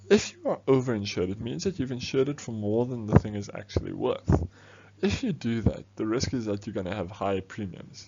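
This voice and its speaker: Fast-talking man teaching business studies. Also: medium pitch, a little mellow, breathy edge, lo-fi sound. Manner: quick, chatty explaining with frequent "okay"s. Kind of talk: exam revision lesson.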